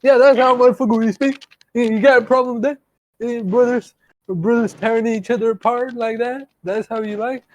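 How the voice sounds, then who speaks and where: A man imitating a brash, swaggering character from a comedy film, loud and confrontational. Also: very high-pitched, unhurried, hardly any pauses, voice pushed up.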